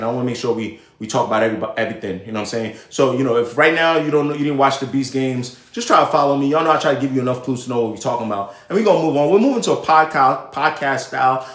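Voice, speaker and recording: A young adult man from Nigeria hosting a live show in casual commentary, animated and rambling, often cutting himself off. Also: mid-range voice. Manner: animated, rambling, self-interrupting. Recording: echoey room.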